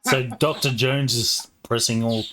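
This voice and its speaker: A male game master narrating a tabletop role-playing session. His delivery is relaxed and loose, full of fillers, at a medium pitch. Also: a little slow, noisy background.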